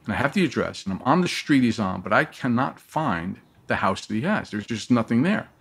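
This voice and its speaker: A man telling a long personal story as a guest in an interview, lively and acting out the voices of the people he quotes. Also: mid-range voice, brisk, gravelly, slightly rough.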